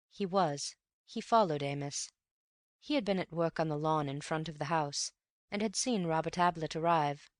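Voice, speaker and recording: Low-voiced woman narrating a classic. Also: no room sound, studio quality. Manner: even, measured storytelling. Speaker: audiobook narrator. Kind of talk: scripted narration.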